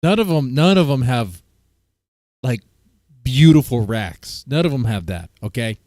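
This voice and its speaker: A man's voice: medium pitch, expressive, measured pace, a little mellow, no echo, studio quality. A man hosting a livestream, giving a rambling, crude reaction commentary full of fillers. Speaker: streamer host.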